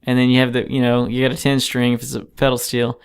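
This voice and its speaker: A man's voice: mid-range voice, monotone, fast talker, clear, resonant tone. A man, a touring guitarist, chatting casually as a podcast guest in a home basement, easygoing and rambling, full of "you know" and "man". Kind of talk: casual chat.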